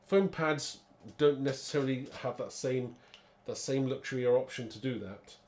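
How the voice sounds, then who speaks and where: A man's voice: medium pitch, moderate pace, a little mellow, a little hiss or hum. Chatty man demonstrating card making. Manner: chatty, rambling, thinks aloud; self-mocking, laughs at own muddle. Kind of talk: live craft demo.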